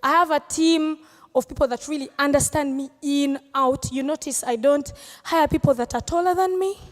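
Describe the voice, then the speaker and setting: A woman's voice: sits high, moderate pace, long reverb tail. A woman comedian from Uganda, answering audience questions live in a playful, teasing way. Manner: playful, teasing, laughs often.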